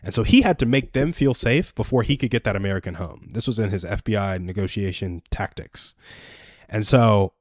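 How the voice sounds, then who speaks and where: A man's voice: on the low side, a little fast, few pauses, a little mellow, no room sound. Earnest young man, dry close sound. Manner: earnest, storytelling, self-deprecating. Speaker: live stream host giving advice. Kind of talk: casual advice chat.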